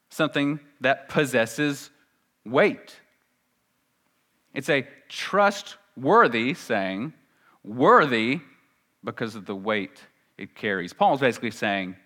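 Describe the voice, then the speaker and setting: Guy preaching a sermon, emphatic, slows way down on key words, mid-pitched voice. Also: bright, forceful tone. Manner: emphatic, with rhetorical questions and repeated key phrases; pauses and slows down to stress words. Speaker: pastor.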